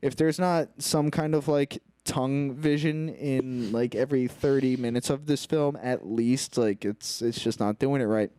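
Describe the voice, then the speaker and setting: A man's voice: medium pitch, measured pace, hardly any pauses, dark tone, no echo. A young man co-hosting a podcast, casually recapping a film in a rambling way and acting out its lines. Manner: rambling, acts out movie lines with laughs. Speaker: podcast co-host.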